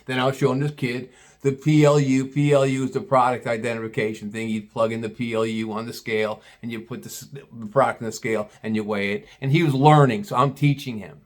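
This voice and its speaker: A retired butcher in his sixties telling a rambling, profane story about a customer. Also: medium pitch. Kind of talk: casual storytelling.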